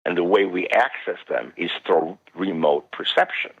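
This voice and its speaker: Man, extremely low voice, husky, animated storyteller, dull lo-fi radio call. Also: moderate pace. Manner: animated storyteller with sudden pitch jumps. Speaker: guest parapsychologist. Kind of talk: recounting stories in a radio interview.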